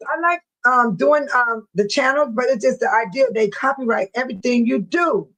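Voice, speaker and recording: A woman talking loosely to her live-stream audience, her voice sitting a little high. She laughs often and slips into exaggerated impressions of other people. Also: normal speed, a bit bright, poor audio. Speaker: channel host. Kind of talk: casual live-stream chat.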